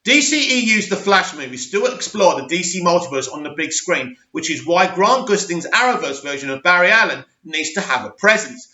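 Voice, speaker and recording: A young man hosting a channel, reading news articles aloud with opinionated asides and a slightly hoarse voice. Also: high voice, lively intonation, moderate pace, hardly any pauses, pushed and bright. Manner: reads aloud, stumbles on names, adds opinionated asides. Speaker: host. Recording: roomy, slightly dull sound.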